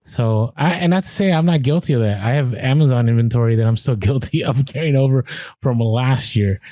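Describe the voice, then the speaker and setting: A man's voice: mid-range voice, fairly quick, mellow, no room sound. A man co-hosting a podcast in casual chat, reading out statistics and breaking off for offhand asides. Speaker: podcast co-host.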